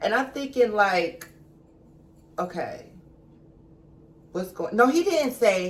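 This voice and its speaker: A young woman vlogger tells a storytime in a chatty, confiding tone, dramatically retelling events and calling her viewers girl and baby. Her medium-pitched voice is animated, and she speaks slowly.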